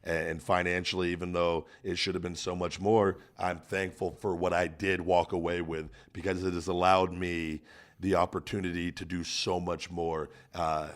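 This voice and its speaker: Deep-voiced man in halting podcast talk. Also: little pitch movement. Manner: earnest, halting, many restarts. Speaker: podcast host. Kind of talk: casual podcast chat.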